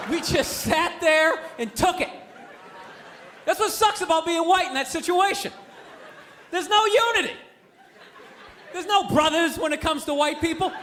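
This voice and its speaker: High-voiced ranting comedian. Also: male voice, sharp tone. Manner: ranting, sarcastic, acts out characters in asides. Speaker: stand-up comedian. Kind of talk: stand-up comedy set. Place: live comedy venue with audience. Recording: noisy live club recording.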